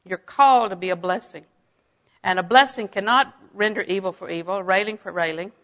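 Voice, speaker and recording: A woman's voice: mid-range voice, a little fast, fairly bright tone. A woman teaching a Bible lesson in sermon style, telling personal stories and driving home her points with emphatic declarations. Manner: emphatic, storytelling, rising to strong declarations.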